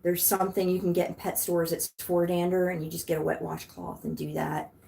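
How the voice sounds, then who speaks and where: A woman's voice: fairly low pitch, little pitch movement, brisk, creaky, warm tone. A woman hosting a casual livestream, rambling and chatty as she answers comments from her viewers. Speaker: livestream host.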